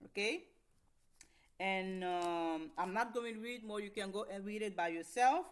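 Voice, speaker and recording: Halting woman teaching scripture. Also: medium pitch. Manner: halting, with frequent restarts and repeated words; reads scripture aloud, then retells it in plain words. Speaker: bible teacher. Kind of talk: informal bible teaching.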